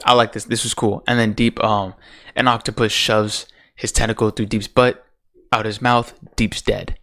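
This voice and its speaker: A man's voice: lowish voice, little pitch movement, moderate pace, sharp tone. A man ranting casually about a TV show's finale, profane and exasperated, full of rhetorical questions. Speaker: TV show commentator.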